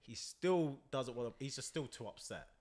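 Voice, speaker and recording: A man's voice: medium pitch, moderate pace. A man, co-hosting a casual comedy chat and telling a story with acted-out voices. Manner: animated storyteller, acts out voices. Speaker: podcast co-host.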